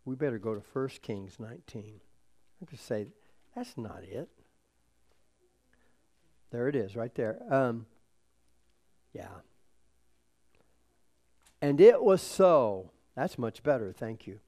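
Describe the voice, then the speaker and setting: A man preaching a sermon, reading scripture and leading a prayer, swinging from loud emphasis to quiet asides. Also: mid-range voice, measured pace, long pauses. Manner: reads scripture aloud and leads the congregation in prayer. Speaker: pastor.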